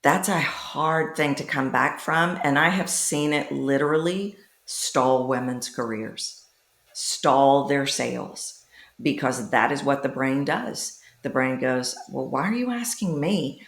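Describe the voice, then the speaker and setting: A woman voice coach speaking emphatically in a podcast conversation, with big swoops in pitch on key words. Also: slow pace, reverberant. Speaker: voice coach guest.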